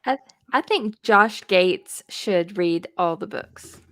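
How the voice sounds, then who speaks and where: A woman's voice: medium pitch, slow pace, a bit bright. A woman co-hosting a podcast in an easygoing, upbeat casual chat. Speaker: podcast co-host.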